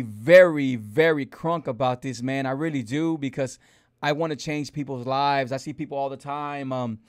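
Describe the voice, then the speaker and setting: A man hosting a casual livestream, animated and preachy, hammering home rhetorical questions to his viewers. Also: fairly high pitch, clear, resonant tone. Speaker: host of a health livestream.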